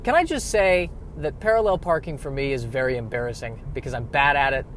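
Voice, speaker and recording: A man's voice: medium pitch, lively intonation, brisk, fairly bright tone, a little hiss or hum. A man giving a rambling, self-deprecating comic monologue outdoors near a street. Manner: self-deprecating, riffs with rising exasperation. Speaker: vlogger.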